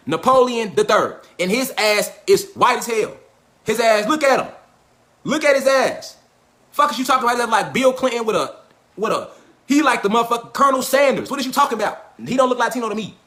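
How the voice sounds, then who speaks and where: Man, high and quick; emphatic, profane livestream lecturer. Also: lively intonation, a bit bright. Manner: profane, emphatic, repeats rhetorical questions. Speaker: online lecturer. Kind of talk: animated livestream rant. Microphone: phone or webcam.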